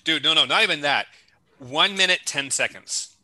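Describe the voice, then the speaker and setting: A man co-hosting a casual podcast, excitable and swearing freely. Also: on the high side, normal speed, no echo. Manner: excitable, profane. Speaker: podcast co-host. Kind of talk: casual chat.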